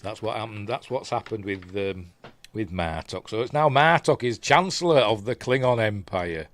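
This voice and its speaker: A man with a Yorkshire accent, his voice going hoarse, rambling through a live casual episode recap with lots of ums and asides. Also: lowish voice, expressive, moderate pace, a bit bright. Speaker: streamer reviewing TV episodes.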